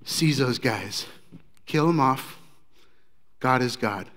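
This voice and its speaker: A man preaching a sermon in a conversational, animated storytelling way. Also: medium pitch, takes it slowly. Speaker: pastor.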